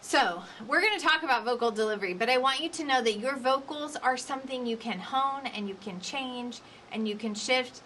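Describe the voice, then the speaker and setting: A woman in her forties giving a lively coaching lecture on public speaking, with varied emphasis. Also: high voice, normal speed, hardly any pauses, a little hiss or hum. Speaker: instructor.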